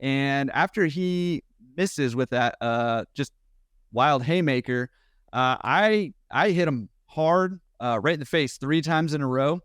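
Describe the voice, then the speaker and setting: A man's voice: medium pitch, clear, resonant tone, no echo. Man telling a wild story, dry sound. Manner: animated, quick, laughing at his own story. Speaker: podcast guest. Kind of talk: casual storytelling.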